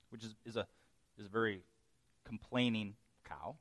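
A man preaching a sermon, teaching in a lively way with playful jokes and asides. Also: fairly low pitch, measured pace, pauses often, no room sound. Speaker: pastor.

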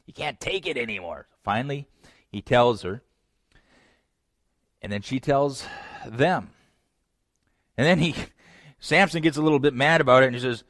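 A man preaching a sermon, retelling a scripture story with lively acted-out lines and direct asides to his listeners. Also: fairly high pitch, normal speed, long pauses, no room sound, clean studio sound. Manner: animated storytelling, acts out voices; direct address to young men. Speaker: pastor.

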